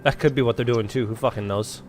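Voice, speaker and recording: A man's voice: mid-range voice, fairly even intonation, fast, faint music behind. A man streaming a game, talking casually in a rambling, sarcastic way with lots of swearing and restarts. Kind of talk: casual gameplay commentary.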